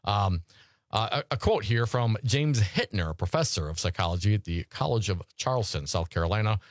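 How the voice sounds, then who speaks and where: Animated male talk radio host. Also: lowish voice, moderate pace, dry recording, studio quality. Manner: reads news articles aloud and riffs on them. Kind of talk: casual talk radio chat.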